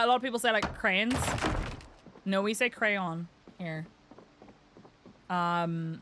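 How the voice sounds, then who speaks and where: A woman's voice: medium pitch, background noise. A young woman with a Northern Irish accent, chatting casually while streaming a game, laughing often and swearing lightly. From Northern Ireland. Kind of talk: casual live-stream chat while gaming.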